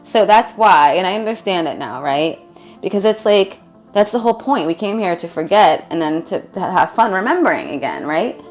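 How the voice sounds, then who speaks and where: A woman's voice: on the low side, big pitch swings, normal speed, faint music behind. A woman telling a spiritual story to her viewers in a rambling, casual way, with many fillers and laughs. She says she is exhausted. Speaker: spiritual vlogger.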